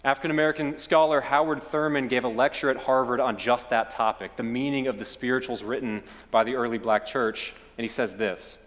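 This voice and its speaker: A male pastor with a Kentucky accent preaching a sermon, telling stories that swell and then drop to a hush. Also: mid-range voice, steady tone, brisk, few pauses, long reverb tail. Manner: storytelling preacher, swells then drops to quiet.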